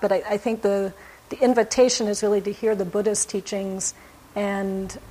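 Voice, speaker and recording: A woman giving a Buddhist dharma talk, speaking in a gentle, reflective way with frequent pauses and fillers. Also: mid-range voice, a little hiss or hum, low-quality recording. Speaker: Buddhist teacher.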